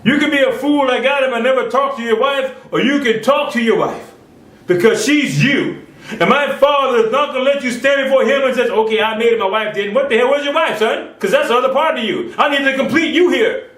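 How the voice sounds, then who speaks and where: A man preaching a sermon in an emphatic, folksy way, swinging between loud outbursts and quiet asides. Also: very high voice, brisk, echoey room, recorded from a distance.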